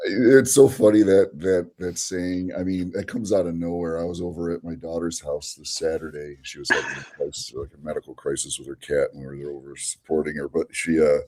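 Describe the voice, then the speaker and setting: A man's voice: low-pitched, steady tone, a little fast, few pauses, darkish tone. A middle-aged man chatting with fellow players over voice chat, laughing often. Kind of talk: casual chat.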